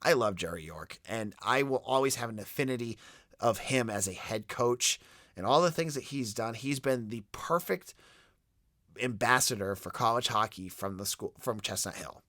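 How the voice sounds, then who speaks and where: A man hosting a solo sports podcast, talking in an animated, rambling way with frequent restarts. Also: medium pitch, normal speed, dry recording, clean studio sound. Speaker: podcast host.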